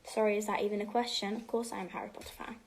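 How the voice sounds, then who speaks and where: Speaking very fast in a medium-pitched, level voice, a teen girl fields fan questions on her home livestream. She hops between English and Spanish and occasionally lowers her voice to a gentle half-whisper.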